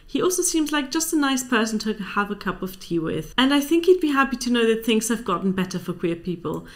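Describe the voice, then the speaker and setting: A woman's voice: on the high side, very animated, a little fast. A young woman hosting a book channel, chatting casually and reading out viewer answers with wry, dry asides.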